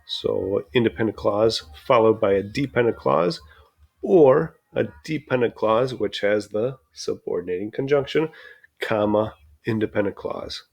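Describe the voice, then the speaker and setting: A man teaching a recorded grammar lesson, explaining slowly and patiently with frequent pauses. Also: on the low side, creaky.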